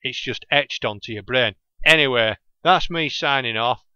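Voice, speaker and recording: A man's voice: mid-range voice, moderate pace, pushed and bright, smooth, no room sound, highs cut off. A man with a thick Lancashire accent hosting a gaming podcast alone, chatting casually and often losing his train of thought. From England. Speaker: podcast host. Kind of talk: casual rambling monologue.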